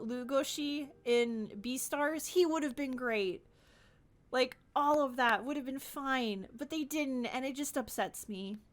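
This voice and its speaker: A young woman streamer giving casual, animated gaming commentary, ranting and giggling. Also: high-pitched.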